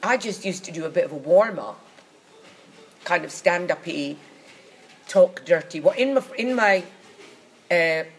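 A woman's voice: lowish voice, animated, measured pace, long pauses, breathy edge, low-quality recording. A woman chatting in an interview, telling wry, bawdy stories and dropping into comic voices for the people in them. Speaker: guest recounting her acting past. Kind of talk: anecdotal interview chat.

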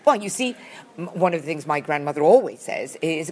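A Lowland Scottish speaker chatting casually as a podcast co-host, full of wry, teasing quips. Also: lively intonation, a little fast, a little hiss or hum. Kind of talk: casual chat.

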